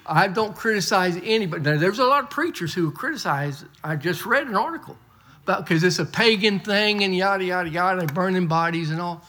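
A man's voice: high-pitched, lively intonation, fairly quick, sharp tone. A middle-aged man preaching a folksy sermon, often repeating and restarting words. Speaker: pastor. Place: church.

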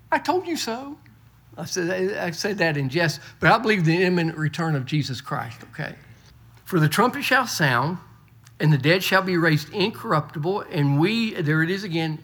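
A man's voice: fairly high pitch, a bit bright. A middle-aged man preaching a folksy sermon, often repeating and restarting words. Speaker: pastor. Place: church.

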